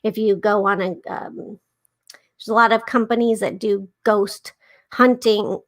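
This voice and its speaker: A woman guest in a casual interview chat, enthusiastic but pausing with fillers as she searches for words. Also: medium pitch, fairly even intonation.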